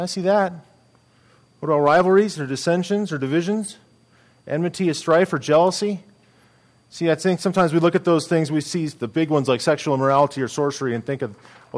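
A middle-aged man preaching a sermon as pastor, earnest and conversational, with frequent restarts. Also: fairly high pitch.

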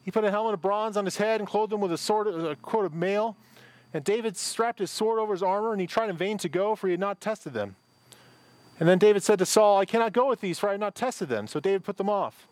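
A man's voice: high-pitched, fast, a little mellow, no echo. A middle-aged male pastor preaching a conversational sermon, reading scripture and adding informal asides with frequent repeated words. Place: church service with a parking-lot and online audience.

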